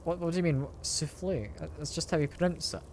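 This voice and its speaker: A man's voice: a little high, fast, a little hiss or hum. A man streaming a game, chatting casually with his chat and playfully defending how he says a word. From Britain.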